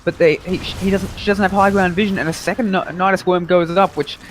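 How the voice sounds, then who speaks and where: Excited male esports play-by-play caster. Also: sits high, a little fast, slight background noise. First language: English. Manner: energetic play-by-play, excited at big moments. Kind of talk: live game commentary.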